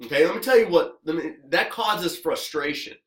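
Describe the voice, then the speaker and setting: A man who works as a business coach, giving an energetic motivational talk to the camera and checking in with "okay?" again and again. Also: a little high, moderate pace, echoey room. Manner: energetic, repetitive, keeps asking "okay?".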